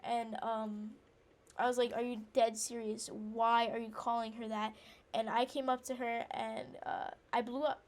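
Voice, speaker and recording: A woman's voice: a little high, flat delivery, a little slow. A woman rambling through an indignant personal story while playing a game, with lots of fillers and restarts. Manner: breaks off to react to the game. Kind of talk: casual storytelling chat.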